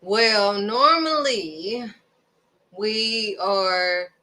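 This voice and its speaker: A woman delivers a casual devotional talk with a bright, forceful tone. She is emphatic and keeps pressing her point with rhetorical questions. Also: mid-range voice, very slow. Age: adult, raising children. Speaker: host of a devotional video.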